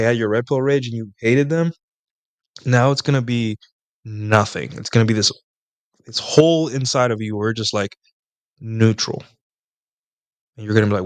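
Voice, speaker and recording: A young man answers chat questions on a live stream in a loose, rambling way that keeps circling back on itself with restarts and fillers. His voice is smooth and clear and sits at an ordinary pitch. The sound is dry and close, with no room in it. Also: dry recording. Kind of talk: casual live Q&A monologue.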